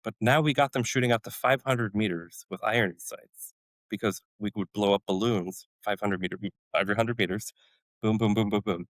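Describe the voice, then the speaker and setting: A man's voice: on the low side, normal speed, dry recording, low-quality recording. A middle-aged man, a former special forces medic, telling a story in a podcast interview and acting out what people said. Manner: animated storyteller, acts out quoted dialogue.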